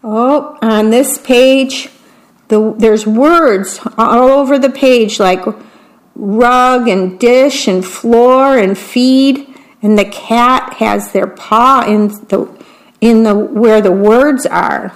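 Slow, gentle woman reading picture books. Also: on the high side, low-quality recording. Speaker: storybook reader.

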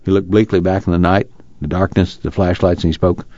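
A man reading a novel aloud in measured, expressive narration. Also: low voice, no echo. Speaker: audiobook reader. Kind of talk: scripted narration. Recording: muffled, dry.

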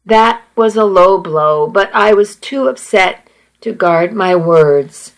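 A woman's voice: mid-range voice, lively intonation, takes it slowly, poor audio. A woman narrating a first-person story in a plain, earnest reading voice.

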